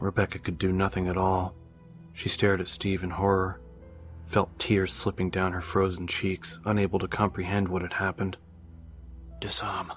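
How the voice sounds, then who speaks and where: A man narrating an audiobook in a steady, measured reading. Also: deep voice.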